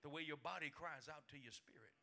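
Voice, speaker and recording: Male pastor, sermon, high-pitched, very bright and forceful, folksy, laughing storytelling. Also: brisk, gravelly. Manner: animated storytelling with laughter and acted-out quotes; folksy, colloquial preaching.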